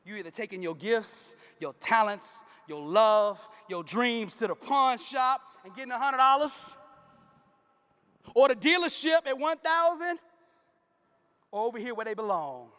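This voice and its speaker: A man with a notably high, bright voice delivers a live motivational speech, calling out to the crowd like a preacher. The long reverb of a big event hall trails behind him. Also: expressive, measured pace, clear, resonant tone. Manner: preacher-like, rousing call-outs to the crowd. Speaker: motivational speaker.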